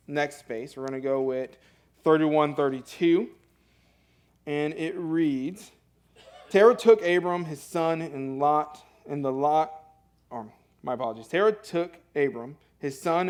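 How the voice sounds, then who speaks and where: A man's voice: a little high, darkish tone. Earnest young man preaching casually. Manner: conversational, earnest, with frequent fillers and self-corrections. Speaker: pastor. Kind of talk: sermon. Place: church sanctuary.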